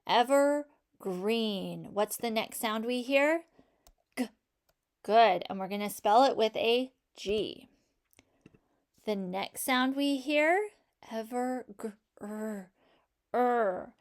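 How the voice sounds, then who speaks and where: Sounding out every sound in a word with patience, a woman on the high side of the pitch range guides children through a phonics lesson and praises their answers.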